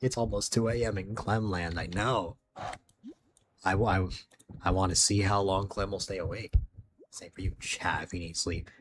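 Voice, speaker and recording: A man's voice: deep voice, steady tone, normal speed, noisy background. A man streaming late at night, chatting casually with viewers, sleepy and rambling, losing his words.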